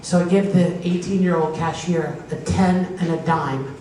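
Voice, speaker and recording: A woman from Pennsylvania performs a stand-up set with a slightly low voice, acting out the people in her stories and laughing along at her own punchlines. She is recorded from a distance in a very echoey hall, with faint noise behind her. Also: fairly even intonation, moderate pace, warm tone. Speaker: stand-up comedian. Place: live comedy show with an audience.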